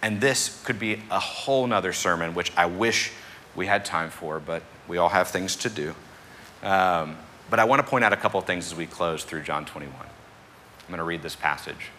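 A man preaching a sermon in a conversational style, pushing hard on key words and then dropping back to a quieter tone. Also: low voice, normal speed, slight background noise. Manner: conversational preaching with emphatic rises. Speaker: pastor.

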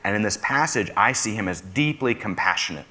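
A man's voice: on the low side, animated, brisk, sharp tone. A man preaching a conversational sermon. He asks his listeners questions and counts himself among them as a fellow "fixer.".

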